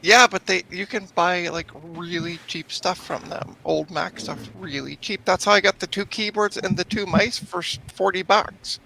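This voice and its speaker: A man in a casual group chat who asks questions and searches his memory out loud. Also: high-pitched, normal speed, gravelly, hardly any pauses, a little hiss or hum, low-quality recording.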